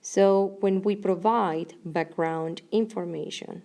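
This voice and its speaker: Warm-toned woman teaching a grammar lesson. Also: mid-range voice, steady tone. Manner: clear, measured explanation with slow deliberate examples. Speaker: Spanish teacher.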